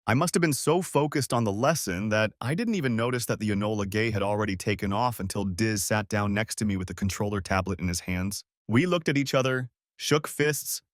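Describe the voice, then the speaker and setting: A man narrating a first-person story in an expressive storytelling manner. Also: lowish voice, fairly quick, hardly any pauses, dry recording, clean studio sound.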